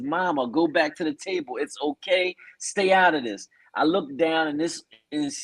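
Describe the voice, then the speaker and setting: Lively man retelling a wild story. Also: on the high side, no room sound, low-quality recording. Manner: animated storyteller acting out quotes. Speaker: podcast host. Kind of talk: storytelling a listener's tale.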